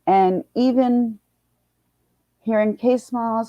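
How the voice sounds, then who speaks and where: Middle-aged lady rambling on her livestream, lowish voice, dry dull lo-fi sound. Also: measured pace, warm tone, no room sound. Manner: rambling, chatty, many restarts and fillers. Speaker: livestream host. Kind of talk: casual livestream chat.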